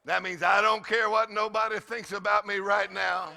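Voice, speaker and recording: An older man giving an exuberant sermon as guest preacher, shouting and laughing loudly. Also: high voice, fairly even intonation, normal speed, gravelly, hardly any pauses. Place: church service.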